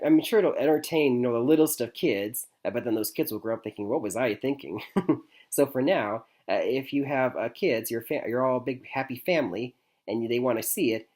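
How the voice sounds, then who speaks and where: A man's voice: mid-range voice, a little mellow. A young man from Michigan giving a casual spoken movie review, rambling with many fillers and restarts and chuckling often. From Michigan, USA.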